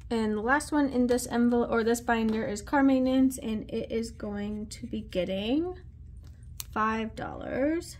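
Slow-talking woman counting cash aloud. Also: fairly high pitch, darkish tone, a little hiss or hum. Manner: counts bills aloud under her breath, chatty asides. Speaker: budgeting vlogger. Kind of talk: casual chat while counting cash. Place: at a desk at home.

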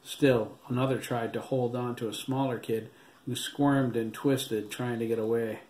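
A man's voice: medium pitch, steady tone, moderate pace, darkish tone. Man narrating an audiobook in a roomy echo. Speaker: author reading his own novel. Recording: roomy echo, faint background hiss.

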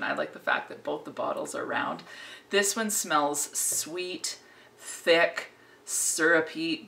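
Gravelly, bright-voiced woman reviewing perfume. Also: low voice. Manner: chatty, enthusiastic, rambling. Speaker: fragrance reviewer. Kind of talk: casual fragrance review.

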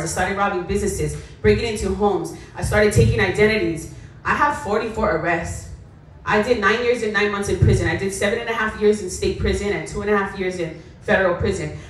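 A woman's voice: mid-range voice, slight background noise. A young adult woman with a Hawaiian accent telling her life story bluntly to a school assembly. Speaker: motivational speaker. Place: school gym or hall. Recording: echoey hall, voice from far off.

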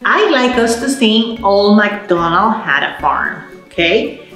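A woman running a baby storytime, talking slowly and in a sing-song way to little ones, dropping in Spanish words as she counts and sings. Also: medium pitch, fairly bright tone, echoey room. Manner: slow, sing-song, encouraging, talks to babies. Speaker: children's librarian. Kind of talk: baby storytime with rhymes and songs.

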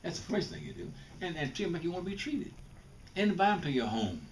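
A man's voice: high voice, sing-song, fast. An older man from Mississippi, talking bluntly and informally to students, often restarting and repeating his words. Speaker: guest speaker. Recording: distant mic with faint background noise.

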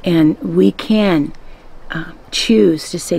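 Devotional podcast host: woman, low and gravelly voice, easygoing storyteller. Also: a little slow, a little hiss or hum. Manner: conversational, gentle storytelling. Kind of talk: devotional Bible teaching.

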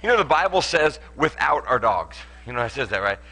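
A man's voice: medium pitch, big pitch swings, a little fast, pushed and bright, poor audio. A man, a pastor giving a playful sermon with a live demonstration, joking and laughing often with lots of restarts, in a church auditorium.

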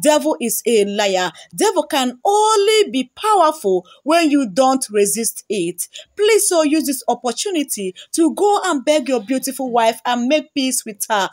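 A Nigerian woman hosts a gossip channel, reading out comments and reacting with dramatic, pleading excitement. Her voice sits high and swings widely up and down as she talks.

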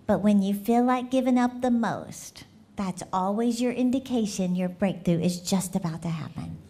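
In a medium-pitched voice at normal speed, a woman visiting as guest preacher relates a story to the church in a spirited way, laughing a lot and questioning the congregation.

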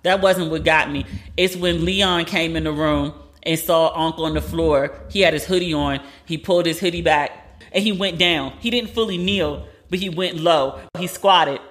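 A woman hosting a podcast, giving a blunt, animated recap of a TV episode in casual chat and swearing freely. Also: low-pitched, normal speed. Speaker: podcast host.

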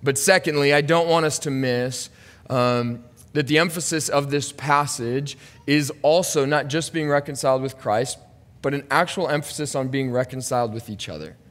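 A man's voice: medium pitch, normal speed, fairly bright tone. A man in his thirties, a pastor preaching an earnest, confessional sermon that builds to urgent emphasis. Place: church sanctuary. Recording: long hall reverb.

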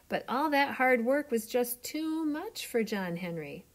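A woman reads a children's storybook aloud with a fairly high, very lively voice. She takes her time and stays gentle throughout. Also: a little slow, few pauses.

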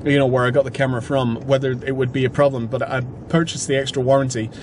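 A man's voice: mid-range voice, flat delivery, quick pace. A man chatting casually for his vlog while driving, rambling with lots of fillers and self-corrections. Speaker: vlogger. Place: inside a car in town traffic. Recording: car and traffic noise behind.

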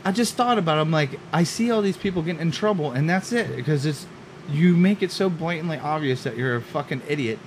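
Profane storytelling man, slightly high voice. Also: fast, a little hiss or hum. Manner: profane, animated storytelling with acted-out quotes. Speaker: podcast co-host. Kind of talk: casual chat.

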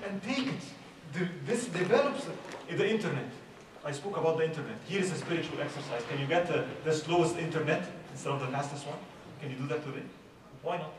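A middle-aged man from Egypt, giving an informal religious talk to young people and firing off rhetorical questions. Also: fairly high pitch. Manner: conversational, asks many rhetorical questions. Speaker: youth speaker. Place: large hall at a religious youth event. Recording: echoey hall, far from mic, background noise.

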